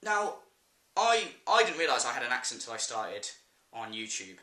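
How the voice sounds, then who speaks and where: Man, English accent, ranting vlogger, blunt and sweary, very bright voice, echoey room. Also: medium pitch, very animated, normal speed. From England. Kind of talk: ranting vlog.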